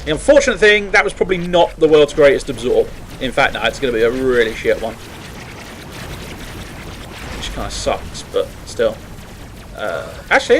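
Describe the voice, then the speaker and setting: A man's voice: mid-range voice, moderate pace, creaky, a bit bright, slight background noise. A man giving casual, rambling commentary while playing a game, swearing freely and laughing at himself. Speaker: gaming commentator.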